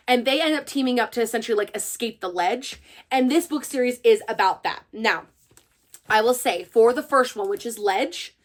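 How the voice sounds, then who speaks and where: Young woman rambling about books, lots of "like", kinda high voice. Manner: gushing and chatty, full of fillers. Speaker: book reviewer and channel host. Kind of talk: casual chat to camera.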